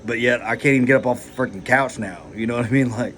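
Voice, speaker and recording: A man's voice: mid-range voice, quick pace, a bit bright, slight background noise. A man rambling heatedly in a personal vlog, swearing a lot and filling his talk with "like" and "you know". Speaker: vlogger.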